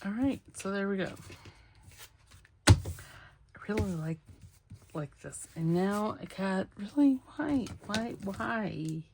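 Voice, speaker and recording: A middle-aged woman who hosts a crafting channel chats casually to herself while working on a craft project, rambling and self-deprecating. Her voice is medium-pitched and slow with frequent pauses, and the recording is very noisy.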